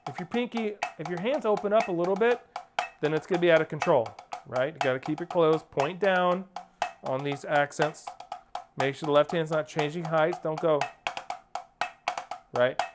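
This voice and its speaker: A male percussion teacher leads a drum lesson over music, his voice a little high and his speed normal. He coaches steadily, counting off and singing rhythms as syllables while percussion plays behind him.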